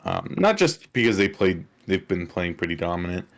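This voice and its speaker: Deep-voiced man rambling about hockey. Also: big pitch swings, normal speed. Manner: rambling, many fillers and restarts. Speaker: interviewed player. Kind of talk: casual group chat. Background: chewing on ice.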